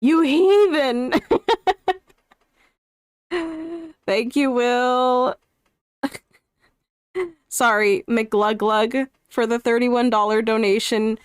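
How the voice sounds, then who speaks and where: A woman streamer chatting casually on a live charity stream, excitable, laughing often and breaking into loud outbursts. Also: on the high side, extremely slow, long pauses, clean tone, no room sound, studio quality.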